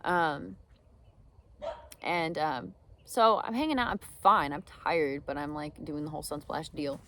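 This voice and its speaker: A woman's voice: low-pitched, measured pace, fairly bright tone, a little hiss or hum. A young woman telling a candid personal story and giving advice to people who help students, with lots of "um" and "like" fillers. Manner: rambling, full of "um" and "like" fillers. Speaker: speaker training others to help students.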